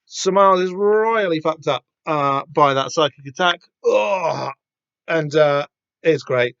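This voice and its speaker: A man's voice: fairly high pitch, expressive, takes it slowly, gravelly, a bit bright, clear, resonant tone, no room sound. A man talking casually as a podcast host, rambling with lots of fillers and restarts. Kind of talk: casual comic-book reading chat. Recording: dull dry lo-fi home mic.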